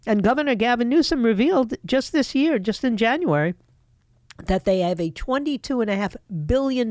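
Middle-aged woman, talk radio host, emphatic opinionated monologue, mid pitch, dry studio sound. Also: a little mellow, no echo. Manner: emphatic, opinionated, talks straight to listeners.

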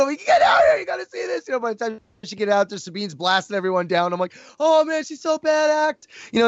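An excitable middle-aged man with a high voice talks on a podcast. He acts out his reactions with loud bursts. The sound is dry and a bit dull, like lo-fi audio. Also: no room sound. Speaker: podcast co-host. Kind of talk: casual podcast chat.

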